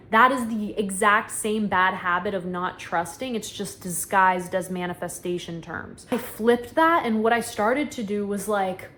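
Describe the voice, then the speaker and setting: A woman's voice: fairly high pitch, expressive, moderate pace, fairly bright tone. Chatty young woman vlogging, lots of fillers. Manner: chatty, filler-heavy, acts out her inner dialogue; emphatic, preachy. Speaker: manifestation vlogger. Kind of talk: casual talk to camera.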